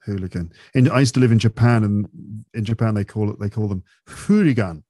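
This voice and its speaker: A man's voice: on the low side, steady tone, a little fast, warm tone, dry recording, studio quality. A British man, an English teacher and podcaster, chatting playfully as a guest in an interview and laughing often. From United Kingdom. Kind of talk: casual interview chat.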